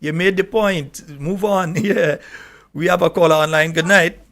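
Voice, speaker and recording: High, bright-voiced Grenadian radio host. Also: male voice, fairly even intonation, moderate pace. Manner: emphatic, scolding. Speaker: radio talk show host. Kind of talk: call-in radio talk.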